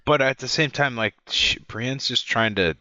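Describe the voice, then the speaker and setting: Bright-voiced blunt man on a dull dry mic. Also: mid-range voice, normal speed, no echo. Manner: blunt, laughs often. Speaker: podcast co-host. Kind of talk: casual podcast discussion.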